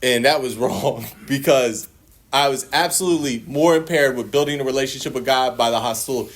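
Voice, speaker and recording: At a recovery meeting, a man in his forties talks a little fast in a medium-pitched voice about his own recovery. The share is animated and full of swearing, laughter, and acted-out quotes.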